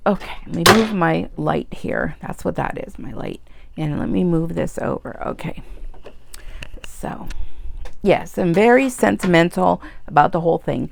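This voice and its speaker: Middle-aged lady rambling while she crafts, kinda gravelly low voice, faint hum in the room. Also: animated, a little slow. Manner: rambling, chatty, emotional. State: tearful at times. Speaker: embroidery video host. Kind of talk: casual chat while crafting.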